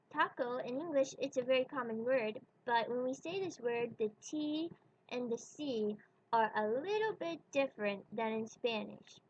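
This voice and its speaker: A Spanish teacher gives a pronunciation lesson on video, patiently demonstrating each sound one at a time. Her voice sits high and is husky, with lo-fi sound.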